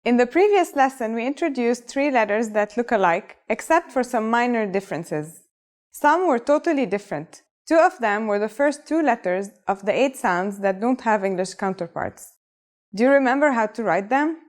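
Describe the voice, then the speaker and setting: This is a woman teaching a scripted lesson, speaking. Her voice sits a little higher than most, and her delivery is upbeat and encouraging as she talks the viewer through each step. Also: animated, moderate pace. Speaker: language teacher.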